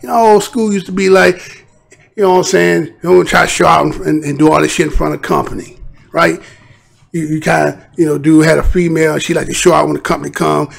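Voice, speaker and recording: A man with a high, gravelly voice, holding forth on a live stream. He speaks in blunt, emphatic street talk full of profanity and often turns to address his chat. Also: level tone, brisk. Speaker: livestream host.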